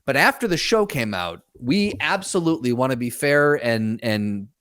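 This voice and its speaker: A man's voice: medium pitch, very animated, normal speed, fairly bright tone, no echo, studio quality. A man co-hosting a podcast in casual chat, playful, laughing and swearing in banter. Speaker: podcast co-host.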